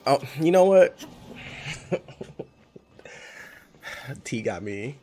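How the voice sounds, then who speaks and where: A man's voice: mid-range voice, big pitch swings, slow, pauses often, faint music behind. A young man streaming a game, chatting casually and rambling, correcting himself often and swearing freely. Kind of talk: casual chat while playing a game.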